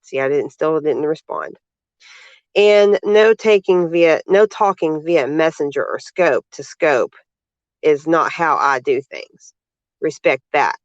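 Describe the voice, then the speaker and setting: A man with a fairly high voice reads other people's posts aloud and cuts in with sarcastic, indignant remarks. The audio is dull and lo-fi, with a dry, close sound. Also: slow pace, dry recording. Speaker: vlogger. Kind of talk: reading out social media posts with commentary.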